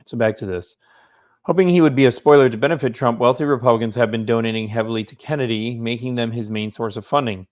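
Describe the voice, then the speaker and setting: Speaking at a quick pace, a man offers casual political commentary, reading news articles aloud and stopping for low-key reactions and asides. He yawns now and then.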